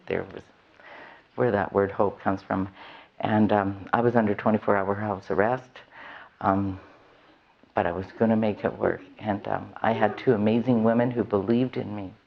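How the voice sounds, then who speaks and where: A woman's voice: a bass voice, steady tone, normal speed, creaky, muffled recording. A woman frankly telling her recovery story to a live audience, with a wry, self-mocking humor. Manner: candid, wry, laughs often at herself. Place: event hall with an audience.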